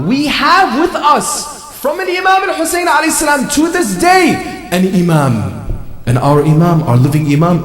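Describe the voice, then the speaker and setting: A high-voiced man preaching with a lively, swooping delivery. He asks the listeners question after question and repeats phrases for emphasis. His voice carries through a long echoing hall, heard from some distance off the mic. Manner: rhetorical questions, repetition for emphasis. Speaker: religious speaker. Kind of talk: sermon. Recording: echoey hall, voice from far off.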